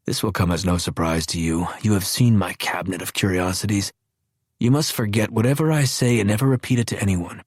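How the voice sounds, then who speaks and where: A frail old man near death, wry and genteel, with a sly, knowing undertone, read by a man. The voice is deep and close, with a dry, dead sound and no room around it. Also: a little fast, a little mellow, breathy edge, dry recording. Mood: insistent.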